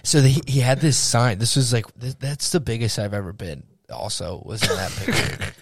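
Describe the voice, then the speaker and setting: A man's voice: medium pitch, normal speed, breathy edge, dry recording, studio quality. Young man telling a wild story. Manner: animated storyteller, swearing, acts out quotes. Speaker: podcast co-host. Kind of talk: casual chat.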